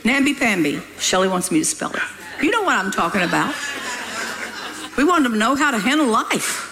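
A woman's voice: a little high, sing-song, brisk, background noise. An older woman preaching, telling a story in a folksy, scolding way with laughing asides. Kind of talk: sermon storytelling.

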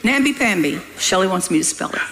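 A woman preacher telling a story from the pulpit, lively and teasing, scolding with laughter. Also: medium pitch, a little fast, background noise. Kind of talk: sermon storytelling.

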